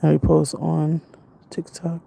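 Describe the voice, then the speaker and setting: A woman's voice: low voice, completely flat delivery, takes it slowly, creaky, mellow. A young woman with a New York accent, chatting casually and rambling on a livestream, laughing often. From Jamaican family. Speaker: vlogger.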